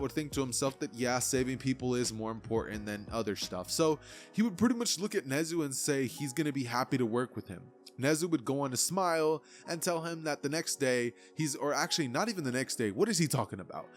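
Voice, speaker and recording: A young man casually narrating an anime fan story in a loose, chatty way full of fillers. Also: medium pitch.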